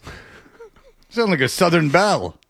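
A man's voice: on the high side, sing-song, moderate pace, vocal fry, fairly bright tone. A man hosting a morning radio show, telling stories animatedly, acting out quotes and laughing often. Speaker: radio host. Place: radio studio.

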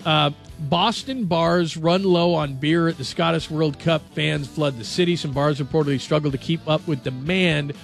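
A male sports radio host in a radio studio, talking in a chatty, animated and jokey way. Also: a little high, moderate pace, creaky, soft background music. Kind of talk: casual sports talk.

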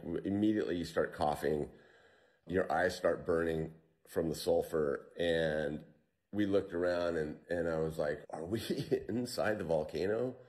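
A man with a very low, deep voice tells his survival story to an interviewer. He speaks in a loose, conversational way, full of fillers and restarts. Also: a little mellow. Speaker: interview guest.

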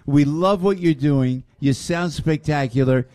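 A man hosting a lively radio show, effusive and often raising his voice. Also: on the high side, measured pace, dry recording. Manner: excitable, effusive, raises voice often.

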